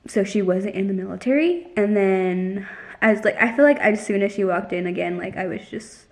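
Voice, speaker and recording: A woman's voice: medium pitch, normal speed, a little mellow. A young woman vlogging casually, telling a story in a chatty way with lots of "like" and acting out the lines of others. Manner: chatty, heavy use of "like", retells dialogue.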